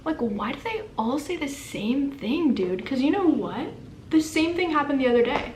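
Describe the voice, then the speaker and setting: A young woman vlogger telling a story in casual, animated, self-deprecating chat. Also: high-pitched, moderate pace, slight background noise. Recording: echoey room with faint ambience.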